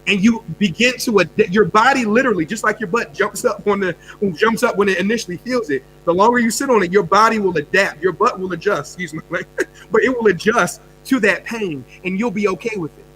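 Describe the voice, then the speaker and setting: A man from the United States talks with a high, sharp, forceful voice. He tells his story energetically, repeating words and swinging from quick bursts to quiet drops. A faint mains hum sits under the recording. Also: rough recording. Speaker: guest speaker and coach.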